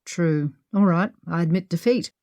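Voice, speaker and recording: A wry male adventurer with a dry, teasing way of talking, read by a woman narrator. The voice sits fairly low for a woman and keeps the steady pace of an audiobook reading. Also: normal speed, no echo, close to an everyday voice.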